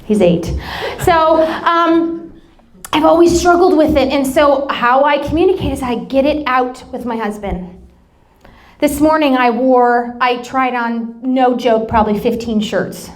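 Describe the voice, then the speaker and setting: A woman's voice: high-pitched, a little slow. A woman in her thirties preaching a sermon, telling personal stories in a candid, emotional, self-deprecating way. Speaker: pastor.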